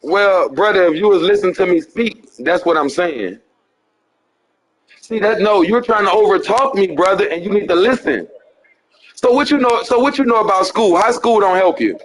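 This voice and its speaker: A man's voice: sits high, expressive, moderate pace, low-quality recording. A man preaching to a caller, repeating himself in a pleading, insistent way.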